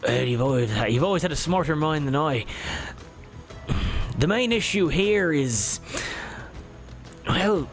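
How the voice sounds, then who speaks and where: Animated man running a tabletop game. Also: a little high, unhurried, long pauses, faint music behind. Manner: loose and rambling with many fillers. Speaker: game master.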